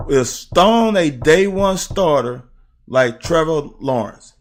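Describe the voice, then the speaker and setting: A man's voice: on the high side, expressive, slow pace. A middle-aged man with a Southern American accent, a former player who hosts and breaks down game film in a casual, profane chat with his viewers. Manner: blunt, profane, talks straight to chat viewers. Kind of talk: casual live-stream commentary.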